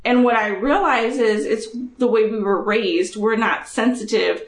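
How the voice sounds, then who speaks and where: A woman co-hosting a podcast in casual chat, blunt and animated, cursing freely as she talks. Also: a little high, measured pace, reverberant. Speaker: podcast co-host.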